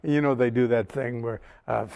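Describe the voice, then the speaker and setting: A man's voice: medium pitch, fairly even intonation, brisk, vocal fry, darkish tone. An older man, a guest on a casual talk show, answering with wry, dry humor. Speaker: guest, golf historian. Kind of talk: casual chat.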